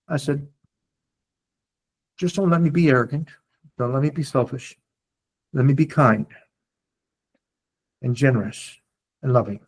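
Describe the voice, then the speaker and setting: A man speaking casually to a support group on a video call, animated and often checking in with his listeners. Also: mid-range voice, poor audio. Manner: animated, repeatedly checks in with "okay?". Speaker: near-death experiencer sharing his story.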